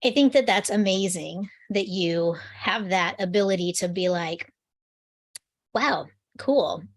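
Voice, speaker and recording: Animated, candid woman co-host. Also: fairly low pitch. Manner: animated and candid, quick to laugh. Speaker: podcast co-host. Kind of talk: spiritual podcast chat.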